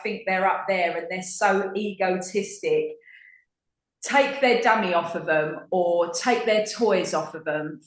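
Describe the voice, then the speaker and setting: Dramatic Essex woman in an echoey room. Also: medium pitch. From England. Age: 40s. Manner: dramatic, acts out her own inner voices. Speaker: podcast co-host. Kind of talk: casual spiritual chat.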